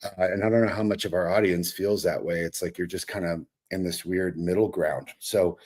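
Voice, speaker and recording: A man with a very low voice and an El Paso Mexican American accent talks through ideas on a podcast panel. He is animated and restarts his sentences often, filling the gaps with fillers as he goes. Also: moderate pace. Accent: El Paso Mexican American English. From El Paso, Texas. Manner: animated, thinking aloud with many fillers and restarts. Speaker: podcast co-host. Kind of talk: casual panel discussion.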